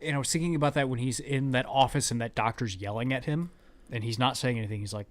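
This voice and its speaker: Excited man gushing about a film. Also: medium pitch, quick pace. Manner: enthusiastic, acts out scenes in quoted voices. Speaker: podcast host. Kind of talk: casual movie chat.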